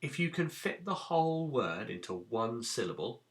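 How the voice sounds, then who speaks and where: A man's voice: mid-range voice, big pitch swings, normal speed, heavy background noise. A man teaching a recorded phonics lesson to young children, patiently sounding out letters and giving simple instructions. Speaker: primary school teacher.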